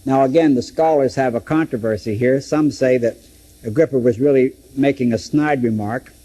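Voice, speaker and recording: A man's voice: medium pitch, normal speed, mellow, low-quality recording. A man teaching through a Bible book, dramatically acting out the quoted speeches. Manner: dramatic, acts out scripture quotes.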